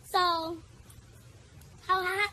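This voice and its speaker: A woman's voice: very high-pitched, little pitch movement, drawn-out words, bright, forceful tone. A woman speaking in a confrontational, challenging way.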